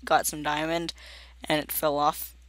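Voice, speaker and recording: Giggly bright-voiced man playing a game. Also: a little high, level tone, measured pace. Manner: giggly, playful, jokey. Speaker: gaming video host. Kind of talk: casual gaming commentary.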